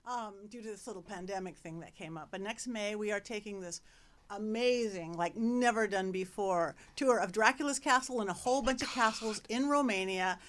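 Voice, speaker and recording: A woman's voice: mid-range voice, normal speed. A woman guest, a medium, talking eagerly in a casual studio chat. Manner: enthusiastic, chatty.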